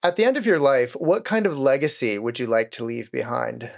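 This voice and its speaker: A man's voice: medium pitch, brisk, vocal fry. A man with a mid-range voice hosts an interview. He asks his questions in an encouraging, affirming way. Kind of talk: interview conversation.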